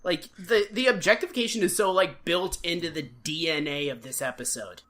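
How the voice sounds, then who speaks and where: A woman co-hosting a podcast, recapping an old TV episode in casual chat, sarcastic and given to loud mock impressions. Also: fairly low pitch, brisk. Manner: sarcastic, animated, mimics characters with big voices. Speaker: podcast co-host.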